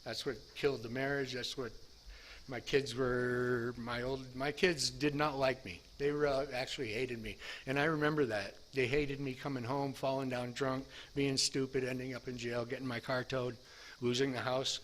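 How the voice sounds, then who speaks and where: A man's voice: medium pitch, steady tone, moderate pace, a bit bright. This is a middle-aged man in a mid-range voice giving a personal recovery testimony. He rambles candidly and mocks himself, restarting his sentences. Faint background noise sits under the recording. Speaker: speaker sharing his recovery story.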